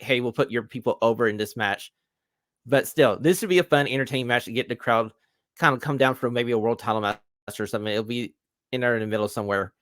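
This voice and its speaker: A man's voice: medium pitch, a bit bright, no room sound, clean studio sound. A man hosting a wrestling podcast, previewing matches with enthusiasm and plugging tickets in a casual chat. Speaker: podcast host.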